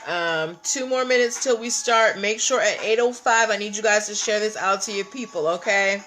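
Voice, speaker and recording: A woman's voice: medium pitch, normal speed, fairly bright tone. A woman hosting a casual livestream, chatting with viewers and greeting them by name. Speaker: livestream host.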